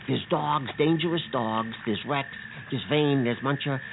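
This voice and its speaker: A man playing an earnest tween boy bean in a children's radio play, who talks in an excitable, stammering way. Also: medium pitch, a little slow, gravelly. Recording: tinny lo-fi radio with hiss.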